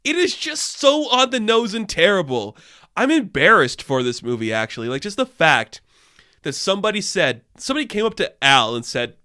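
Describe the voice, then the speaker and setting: A man's voice: fairly high pitch, big pitch swings, fairly quick, sharp tone. A man giving a casual review, exasperated, sarcastic and swearing often. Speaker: video reviewer.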